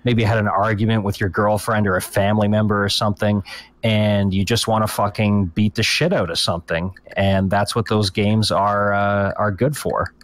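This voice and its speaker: A man on a casual podcast with a lowish voice. He hesitates often, filling gaps with ums, then lays out his point in a steady, plain way. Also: normal speed. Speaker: podcast co-host. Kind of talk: casual chat.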